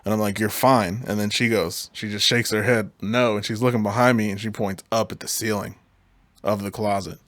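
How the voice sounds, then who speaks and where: A man co-hosting a podcast, telling an animated, profane story in a casual chat. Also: fairly low pitch, a little fast, dry recording. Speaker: podcast co-host.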